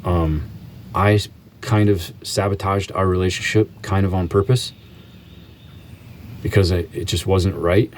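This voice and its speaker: A man vlogging an earnest faith testimony, halting often and restarting his sentences. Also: deep voice, steady tone, slight background noise.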